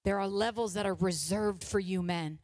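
A woman in her forties, a pastor's wife, preaching a sermon with impassioned exhortation that swings between loud urging and hushed confession. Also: medium pitch, normal speed, no echo.

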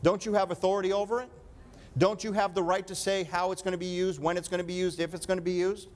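Male preacher, slightly high voice, emphatic sermon delivery with call-and-response. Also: flat delivery, fast. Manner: emphatic preaching, asks congregation for amen.

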